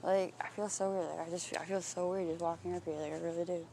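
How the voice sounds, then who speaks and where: A vlogger muses out loud while walking outside, swearing freely and circling back on unfinished thoughts. The voice sits at an ordinary, middle pitch, with a faint hiss of open air behind it. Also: little pitch movement, quick pace, vocal fry. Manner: profane, searching, thinks aloud with restarts. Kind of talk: rambling introspective monologue. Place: outdoors, walking.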